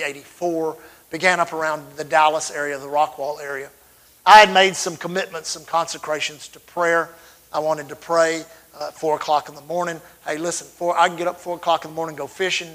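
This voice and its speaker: A middle-aged man delivers a sermon, telling stories from the pulpit with fervor. His voice sits somewhat high for a man. He swings from loud, surging lines to quiet asides. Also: poor audio. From Texas. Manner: fervent storytelling with sudden loud swells and drops. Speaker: preacher.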